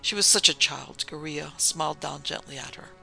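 A man narrating an audiobook in a measured, dramatic manner. His voice is sharp and bright, with a gravelly fry, and faint music plays beneath. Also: fairly high pitch, low-quality recording. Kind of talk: audiobook reading.

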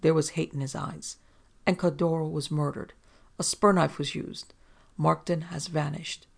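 A narrator voicing an excitable, accusing police lieutenant in an audiobook, speaking heatedly and insistently. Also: medium pitch, fairly quick, close to an everyday voice. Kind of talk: audiobook character reading.

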